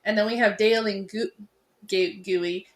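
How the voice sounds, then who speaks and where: A woman co-hosting a podcast, chatting about a film in an excitable, rambling way and laughing easily. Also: mid-range voice, normal speed. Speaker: podcast co-host. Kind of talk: casual chat about a film.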